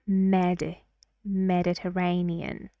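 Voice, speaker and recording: A woman's voice: on the low side, monotone, takes it slowly, warm tone, dry recording, studio quality. A woman teaching an English pronunciation lesson, repeating words and sentences to model stress and falling intonation.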